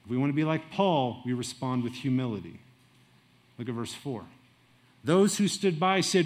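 A middle-aged man preaching a sermon in a lively way, swinging between loud and quiet and acting out asides. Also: medium pitch, normal speed, pauses often. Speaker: pastor.

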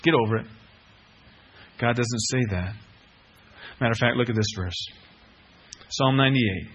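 A man preaching a sermon with animated swings from loud outbursts to hushed lines, mixing in casual asides and self-mocking humor. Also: mid-range voice, normal speed, slightly rough. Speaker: pastor.

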